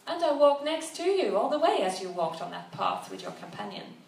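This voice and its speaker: A woman voicing a calm, loving male guide who speaks gently, recorded at a distance in a roomy space. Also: mid-range voice, fairly quick, vocal fry. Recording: roomy, distant mic, faint background noise.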